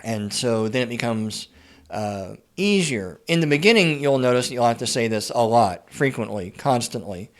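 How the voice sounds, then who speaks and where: A man's voice: mid-range voice, animated, moderate pace. A man who works as a writer and therapist, giving casual advice with blunt, frequent swearing and many stammered repeats of his words.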